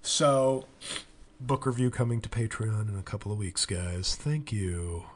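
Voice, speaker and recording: A man hosting a podcast, telling a comic story in an animated, profane, rambling way. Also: lowish voice, measured pace, slight background noise. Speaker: comedian and podcast host. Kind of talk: casual comedic monologue.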